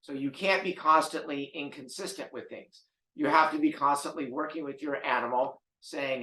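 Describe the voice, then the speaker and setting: Man, dog trainer, podcast monologue; somewhat raised pitch, emphatic delivery with repeated words, roomy echo. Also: animated, fairly quick, fairly bright tone.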